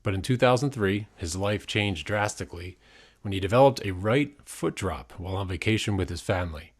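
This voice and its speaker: A man's voice: sits low, expressive, a little fast. A man hosting a podcast, reading a polished scripted intro and then asking interview questions. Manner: polished, reads a prepared intro. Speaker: podcast host.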